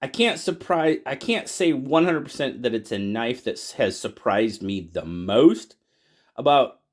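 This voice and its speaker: A man hosting a casual knife collection video, talking in a relaxed, rambling way that often repeats and restarts. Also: medium pitch, unhurried. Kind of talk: casual product review talk.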